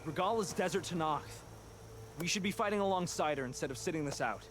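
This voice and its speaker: An actor voicing a hotheaded, confrontational young warrior in a video game, speaking in a brusque way. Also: male voice, fairly high pitch, animated, fast, soft background music, close to an everyday voice. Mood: defiant. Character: hostile young tribal warrior man, hotheaded.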